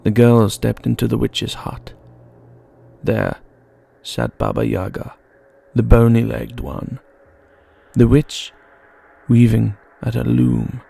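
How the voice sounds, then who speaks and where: A man narrating a fairy tale in measured storytelling style. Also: mid-range voice, animated, gravelly, mellow.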